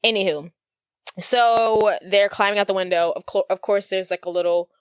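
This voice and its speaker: A woman on a podcast, recapping a film in a casual, animated way and acting out the characters as she goes. Her voice sits at an ordinary pitch for a woman and sounds dry and close to the mic. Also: normal speed, clean tone, no room sound. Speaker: podcast co-host. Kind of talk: casual movie recap chat.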